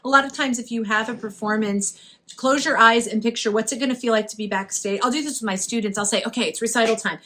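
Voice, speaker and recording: A woman's voice: on the high side, quick pace, sharp tone. A woman co-hosting a casual chat, an encouraging voice teacher who laughs often. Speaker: co-host, voice teacher.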